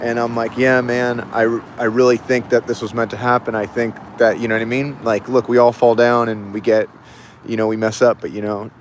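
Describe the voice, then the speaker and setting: A man's voice: mid-range voice, a little fast, slight background noise. A man telling a story in a casual, rambling way, full of fillers, while livestreaming from a city street. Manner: rambling, excited, heavy on fillers. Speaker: livestream host.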